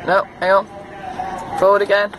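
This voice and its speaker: A woman, giving a chatty, animated walk-through of a ferry trip for her travel vlog. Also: medium pitch, crowd noise, rough recording. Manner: chatty, animated, quick to laugh. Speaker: travel vlogger. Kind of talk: casual walk-through commentary. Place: ferry car deck and cabin.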